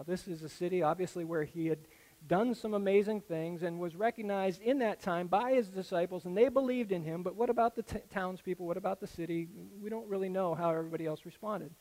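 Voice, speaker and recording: A man preaching a sermon that explains a Bible passage, earnest and explanatory, often dropping to a soft, low tone. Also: fast talker. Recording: echoey hall with long reverb.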